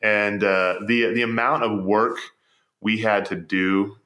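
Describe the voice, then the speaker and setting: A man's voice: on the low side, steady tone, takes it slowly, pushed and bright, roomy sound. A man telling stories as a podcast guest, earnest and reflective, often repeating words as he starts a thought. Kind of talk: storytelling in conversation.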